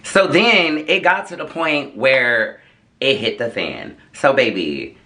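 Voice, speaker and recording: A man's voice: mid-range voice, lively intonation, slow, sharp tone. A man hosting a storytime vlog, telling his story in a sassy, dramatic, chatty way. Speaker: vlogger host. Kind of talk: casual storytime.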